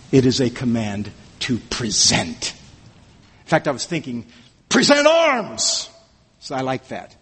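A man's voice: mid-range voice, breathy edge, big-room sound. A man preaching an expository sermon, earnest and emphatic, often repeating words as he restarts a thought.

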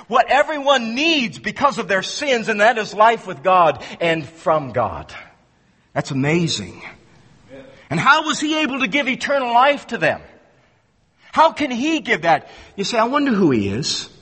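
Male preacher, high bright voice, emphatic and repetitive delivery, long church reverb. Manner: emphatic, swings between loud stresses and hushed low words, repeats himself. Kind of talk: sermon. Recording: long reverb of a large hall.

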